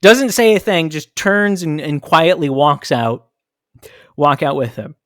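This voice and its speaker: A man's voice: on the high side, measured pace, a bit bright, no room sound, studio quality. A man hosting a podcast, telling a candid, reflective story about his own childhood. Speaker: podcast host. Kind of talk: personal storytelling monologue.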